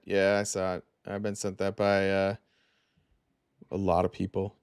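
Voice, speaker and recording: A man's voice: lowish voice, takes it slowly, long pauses, clear, resonant tone, no echo, clean studio sound. A tired man hosting a casual live stream, reading viewer comments aloud in a loose, rambling way full of fillers.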